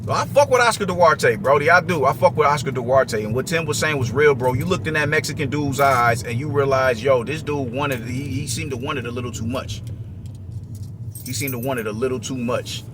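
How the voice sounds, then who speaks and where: A man's voice: mid-range voice, a little fast, background noise. A young man giving a casual, profane, slang-heavy commentary rant about boxing. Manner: profane, slangy, restless and repetitive.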